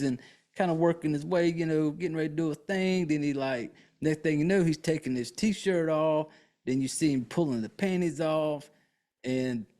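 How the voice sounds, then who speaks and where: A man's voice: on the high side, a little mellow. Crude, rambling male podcast host. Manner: rambling, crude and joking, with many fillers. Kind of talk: casual, profane film recap.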